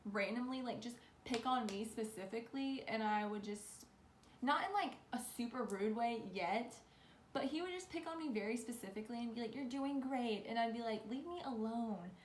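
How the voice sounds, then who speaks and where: A young woman telling a rambling storytime, animated and full of "like". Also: on the high side, normal speed, slight background noise. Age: young adult. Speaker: vlogger. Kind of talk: casual storytime. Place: bedroom. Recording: echoey room with faint ambience.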